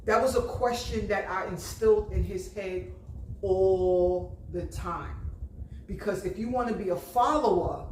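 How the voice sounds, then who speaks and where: A woman's voice: mid-range voice, slight background noise. A woman over fifty speaking bluntly and emphatically, giving life advice in a casual monologue. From New Jersey. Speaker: vlogger. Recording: echoey room with faint ambience.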